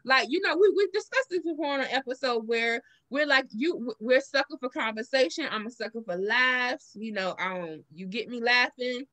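A woman with a Southern US accent chats casually as a podcast co-host. Her voice sits high and sounds bright. She tells stories with animation and acts out the lines she quotes. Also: lively intonation, moderate pace, few pauses. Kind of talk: casual chat.

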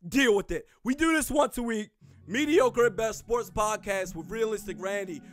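A man hosting a sports podcast, ranting sarcastically about rival fans and referee calls, now and then shouting. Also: sits high, normal speed, soft background music.

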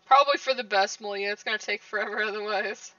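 Bright-voiced woman streamer, playful gaming chatter. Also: medium pitch, fast talker, no echo, far from the mic, dull audio. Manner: laughs often, playful reactions. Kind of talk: casual gameplay commentary.

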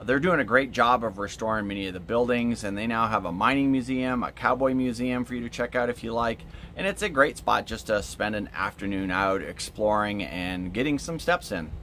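Male vlog host, low voice, casual upbeat chatter. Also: animated, brisk, a bit bright, slight background noise. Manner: upbeat, chatty, filler-heavy. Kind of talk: casual travel vlog narration.

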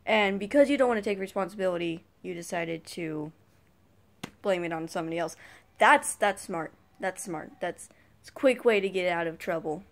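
A woman's voice: fairly low pitch, normal speed, vocal fry. A teenage girl vlogging a casual rant to camera, rambling and sighing as she complains. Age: teens. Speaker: YouTube vlogger.

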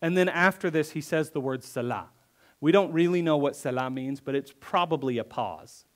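Guy pastor preaching in church, kinda high-pitched, reads a verse then acts it out. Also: normal speed. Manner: reads verses aloud then acts them out with emphatic repetition. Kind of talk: conversational sermon with scripture reading.

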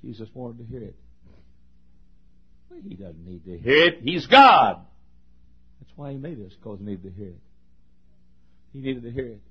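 A man preaching a sermon as a pastor, impassioned, joking now and then, dropping from shouts to near whispers. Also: medium pitch, very animated, moderate pace, pauses often, highs cut off. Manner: joking asides.

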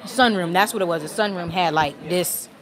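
A woman with a slightly low voice chats loosely through a handheld phone while she livestreams from a busy outdoor restaurant patio. She rambles, laughs easily and sounds a bit out of breath, with people milling around behind her. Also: brisk, a little hiss or hum. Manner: chatty, rambling, laughs often. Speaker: vlogger. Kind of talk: casual live-stream chat. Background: crowd of people.

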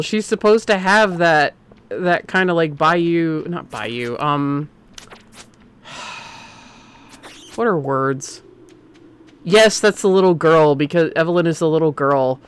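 A man streaming a game, chatting casually and opinionated, swinging between excited outbursts and muttering. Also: on the high side, slow pace, long pauses, clean tone. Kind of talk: casual gameplay commentary.

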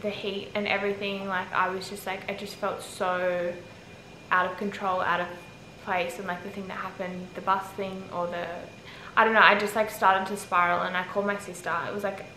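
A woman's voice: medium pitch, moderate pace. Chatty young Australian woman vlogging. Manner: rambling, heavy use of "like", animated retelling. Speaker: travel vlogger. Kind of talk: casual storytelling to camera. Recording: echoey with faint ambient noise.

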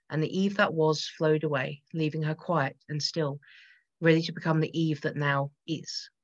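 A woman narrating a gothic horror story in a measured voice that builds tension. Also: low voice, dull audio. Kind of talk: dramatic gothic story reading.

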